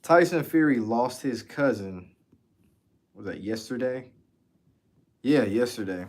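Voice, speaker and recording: A man's voice: mid-range voice, takes it slowly, a little mellow. A man from the United States chatting casually as a streamer, answering viewer questions in a loose, slangy, profane way. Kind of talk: casual chat.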